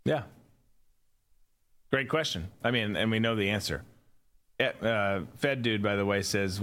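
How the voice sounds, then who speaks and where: A man's voice: on the low side, unhurried, long pauses, a bit bright. Wry male talk show host. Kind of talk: casual political talk show.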